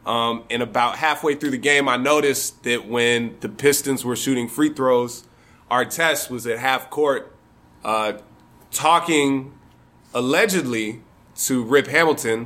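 A man's voice: mid-range voice, a little slow, a bit bright. A man from Michigan telling a funny personal story to a live audience, casual and profane, often chuckling.

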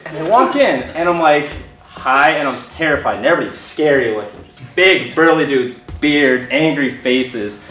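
Young guy doing a stage story, bouncy high-ish voice, roomy hall, heard from a ways off. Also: normal speed, few pauses, distant mic. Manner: animated, laughing through his story. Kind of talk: stand-up storytelling. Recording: echoey hall, mic from afar, audience noise.

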